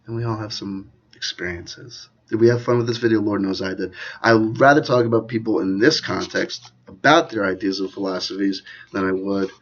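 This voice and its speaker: A man with a husky, low-pitched voice rambles through his thoughts in a solo commentary. He mocks himself and drifts between loud bursts and near-whispered asides. The recording sounds dull and lo-fi. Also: fairly even intonation, fairly quick, few pauses. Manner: digressive, self-mocking, swings between loud and hushed. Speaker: channel host.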